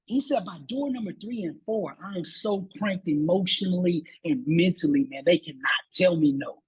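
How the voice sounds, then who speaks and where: A man's voice: high voice, moderate pace, breathy edge, low-quality recording. A man speaking as a motivational guest, telling a sales story with rising energy, repeating words and preaching about persistence. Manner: animated, preachy, repeats words when fired up.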